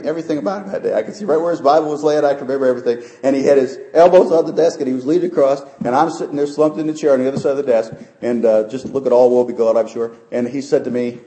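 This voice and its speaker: Middle-aged male pastor, sermon with testimony, quiet asides to loud peaks, echoey church room. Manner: swings from soft, low asides to loud, high preaching peaks. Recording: roomy church sound.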